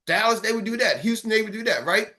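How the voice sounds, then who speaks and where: A man with a high, forceful voice gives a pep talk as a business coach on an online call. He is middle-aged and energetic, and he repeats his points and asks his listeners again and again whether they are with him. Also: fast talker. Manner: energetic, repetitive, keeps asking the audience if they follow.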